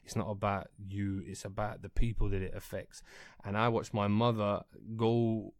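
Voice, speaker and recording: A man's voice: fairly low pitch, flat delivery, normal speed, dry recording, clean studio sound. A young man hosting a podcast, chatting casually in a rambling, sweary and heartfelt way. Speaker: podcast host.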